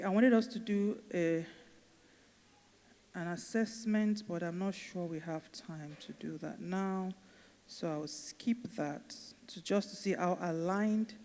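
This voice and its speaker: A woman's voice: mid-range voice, dark tone. A woman giving a faith-based empowerment lecture, emphatic and repetitive, firing off rhetorical questions. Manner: emphatic, repeats key phrases, asks rhetorical questions. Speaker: motivational speaker and teacher. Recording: echoey hall reverb.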